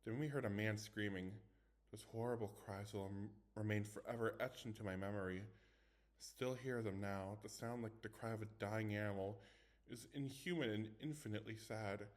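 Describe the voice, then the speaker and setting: A man's voice: lowish voice, steady tone, normal speed. Man reading a ghost story aloud. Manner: dramatic first-person reading with small stumbles. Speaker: story reader. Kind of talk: reading scary stories aloud.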